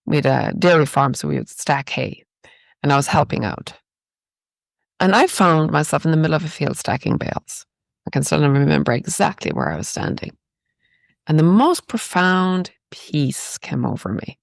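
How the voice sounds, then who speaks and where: Guesting on a podcast, an Irish woman with an Irish accent tells personal stories in a reflective, spiritual tone and asks a rhetorical "right?" now and then. She sounds low-pitched, animated and creaky, at a moderate pace with no room sound.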